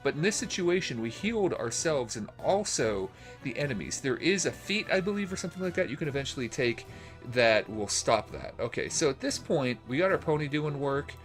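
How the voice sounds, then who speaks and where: A man's voice: medium pitch, sing-song, brisk, faint music behind. A man hosting a let's play, commenting casually on a role-playing game as he plays, rambling with fillers and restarts. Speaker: gaming channel host.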